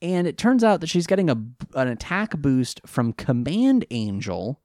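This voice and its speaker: A man co-hosting a podcast in casual chat, recapping an episode in a rambling, hesitant way and jumping up in pitch on excited questions. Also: normal speed, no room sound, studio quality. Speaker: podcast co-host recapping an anime.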